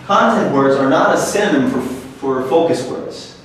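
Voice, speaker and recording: A man's voice: a little high, lively intonation, normal speed, slight background noise. A man teaching English in a classroom, asking the class questions and repeating example sentences. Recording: very echoey room, from far off.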